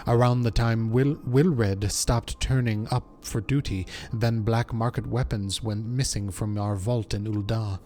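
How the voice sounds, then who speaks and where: A man reading the part of a gruff, blunt mercenary officer in a game, speaking the written dialect plainly. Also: on the low side, steady tone, a little slow, hardly any pauses, mellow, soft background music, natural voice. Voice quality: rough working-class dialect as written. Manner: plain read-aloud delivery.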